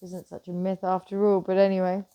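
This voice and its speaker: A middle-aged woman chatting casually to camera, animated and swearing freely, swinging from loud bursts to hushed asides. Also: mid-range voice, fairly quick, clear, resonant tone, muffled recording. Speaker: vlogger.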